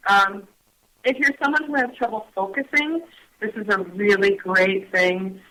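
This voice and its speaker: A woman speaks gently on a radio talk show, searching for her words with frequent pauses and restarts. Her voice has a bright, clear edge at a medium pitch. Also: poor audio. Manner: gentle, hesitant, full of ums and restarts. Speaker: guest on mindfulness. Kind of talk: casual radio chat.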